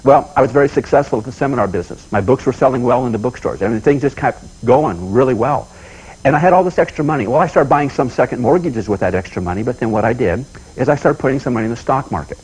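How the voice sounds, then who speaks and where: A man giving a motivational seminar talk, telling folksy personal stories in an animated way and often repeating himself. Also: mid-range voice, quick pace, slightly rough, low-quality recording. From United States. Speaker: seminar speaker.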